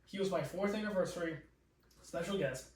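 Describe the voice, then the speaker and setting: A man telling a profane, animated story as a podcast guest, with frequent laughs, recorded in an echoey room away from the mic. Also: high voice, fairly quick, recorded from a distance, slight background noise. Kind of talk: casual storytelling.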